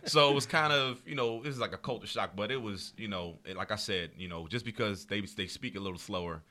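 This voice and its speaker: A man's voice: lowish voice, fairly quick, slight background noise. A middle-aged man with a South Jersey accent, a podcast guest telling stories in casual chat, acting out dialogue and laughing often. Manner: animated storyteller, acts out dialogue, laughs often.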